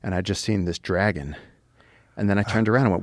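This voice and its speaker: A man in casual conversation, telling an animated, profane adventure story with excitement. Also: deep voice, brisk, no echo, clean studio sound. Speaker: guest, wildlife explorer.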